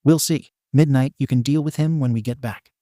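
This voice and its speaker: A man voicing a blunt, tired male teacher in a fan fiction reading, speaking flatly. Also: medium pitch, a little fast, dry recording, studio quality, lightly acted. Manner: blunt, flat.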